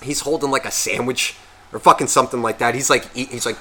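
A man co-hosting a podcast, telling a story in a casual, profane, animated way and acting out quotes. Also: mid-range voice, fast. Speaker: podcast co-host.

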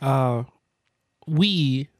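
A man's voice: mid-range voice, drawn-out words, no room sound, studio quality. A man co-hosting a casual podcast, chatting over a beer in a rambling way, often restarting his sentences. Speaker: podcast co-host.

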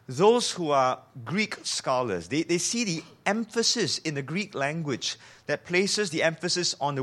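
A man's voice: high voice, fairly bright tone. Man preaching. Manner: conversational, asks the listeners questions; acts out quoted speech in shifting voices. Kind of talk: sermon.

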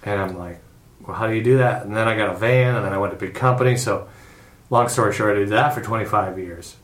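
A man's voice: on the low side, quick pace, fairly bright tone. A middle-aged man chatting casually on a podcast, rambling and swearing as he tells stories. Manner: rambling, profane, loose storytelling. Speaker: podcast regular. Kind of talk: casual chat. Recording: echoey room with faint noise.

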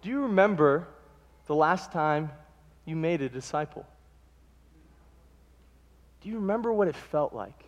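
A man preaching a sermon to his congregation, telling animated stories and acting out the quotes. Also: on the high side, unhurried, long pauses, dull audio. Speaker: pastor. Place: church sanctuary. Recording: long hall reverb.

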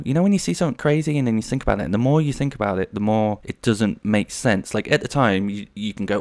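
A young adult man hosting a podcast, telling a rambling story in a casual, animated way with lots of swearing. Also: mid-range voice, quick pace, few pauses, no echo. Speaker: podcast host. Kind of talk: casual solo storytelling monologue.

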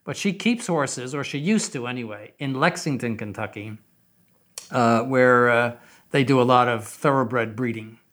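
A man's voice: mid-range voice, normal speed, a bit bright. An older man who heads a seminary, talking casually in an interview, rambling with many fillers and restarts.

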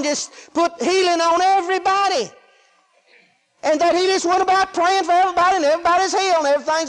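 A man preaching a sermon in a folksy way, swinging between shouted lines and hushed asides. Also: extremely high pitch. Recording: long hall reverb.

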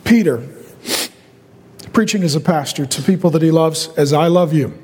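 A man preaching a fervent sermon as a pastor, building from steady talk to loud, pleading shouts. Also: a little high, normal speed, husky, long reverb tail.

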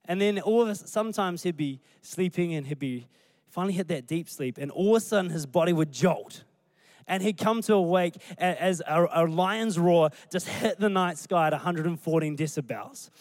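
Kiwi pastor telling a story in his sermon, bit high voice, dry close sound, acts out the scenes. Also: normal speed, no echo. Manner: animated storytelling, acting out scenes.

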